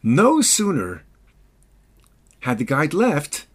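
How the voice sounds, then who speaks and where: A man's voice: fairly high pitch, wildly swooping pitch, slow, husky. Emphatic male history commentator. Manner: emphatic, dramatic storyteller. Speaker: podcast host. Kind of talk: scripted commentary and storytelling.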